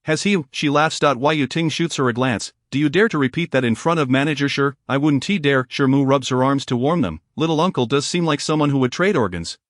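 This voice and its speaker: A man narrating a romance novel in a steady, even reading voice, voicing all the characters himself. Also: medium pitch, fairly quick, hardly any pauses, no echo, studio quality. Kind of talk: scripted audiobook narration.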